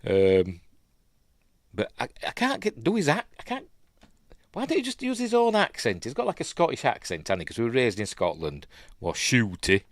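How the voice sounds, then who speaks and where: A man's voice: medium pitch, wildly swooping pitch, normal speed, no echo, clean studio sound. A man with a Yorkshire accent hosting a live news stream, rambling and opinionated with muttered asides. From Yorkshire, England. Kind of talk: casual live stream commentary.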